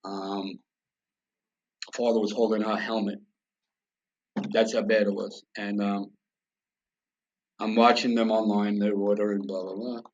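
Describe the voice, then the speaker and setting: A man's voice: on the low side, little pitch movement, measured pace, long pauses. Blunt, profane middle-aged man on a dull recording. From United States. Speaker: podcast guest. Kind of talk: personal storytelling in an interview. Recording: dull lo-fi sound.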